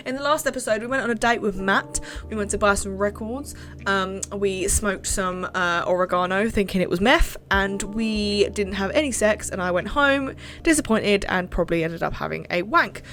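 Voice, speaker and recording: A woman's voice: medium pitch, moderate pace, sharp tone. A young woman chatting cheekily while playing a dating game. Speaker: gaming youtuber. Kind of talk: let's play commentary. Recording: background game music.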